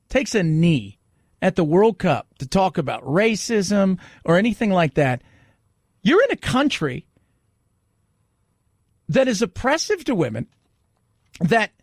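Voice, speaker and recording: A man's voice: high voice, dry recording, studio quality. A man hosting a talk radio show, delivering an opinionated monologue with sarcastic, mocking asides.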